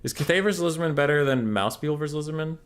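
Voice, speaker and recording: This tournament caster and streamer, a young man, speaks very fast in a higher-than-average voice. He keeps up relaxed, talkative commentary on his live game stream and reads out and answers chat's questions.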